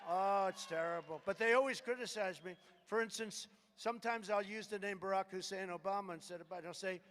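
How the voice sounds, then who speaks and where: At a rally in a big hangar, an older political speaker rambles and repeats himself, dropping sarcastic asides. He speaks high-pitched, fairly quickly and with a fairly bright tone, heard from afar in an echoing hall.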